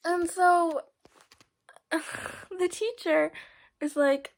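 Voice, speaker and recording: Talking to camera, a teenage girl vlogger tells her viewers a rambling, giggly story full of fillers and restarts. Her voice is high-pitched, and she speaks slowly with frequent pauses.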